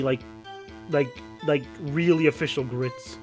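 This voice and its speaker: Goofy, lively game streamer guy. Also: a little high, normal speed, faint music behind. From New York. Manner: goofy, joking, laughs a lot. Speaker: let's play streamer. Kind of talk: casual gameplay commentary.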